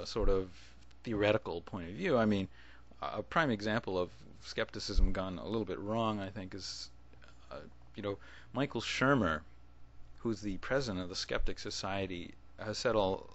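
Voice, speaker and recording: A man's voice: sits low, a bit bright. A man talking casually in a video response, rambling, restarting his sentences and chuckling as he goes. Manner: rambling, self-interrupting with chuckles. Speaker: video blogger.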